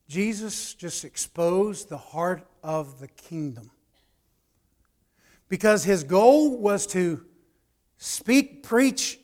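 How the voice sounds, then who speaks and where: A man with a very high voice delivers a sermon at an unhurried pace. He drops low for asides and lifts his voice for emphatic points. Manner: preaching with swings between quiet asides and raised emphatic lines. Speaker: preacher.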